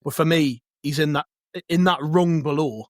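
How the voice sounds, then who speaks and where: A man co-hosting a casual football podcast, animated and argumentative, often restarting his phrases. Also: fairly high pitch, moderate pace, no room sound, studio quality. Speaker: podcast co-host.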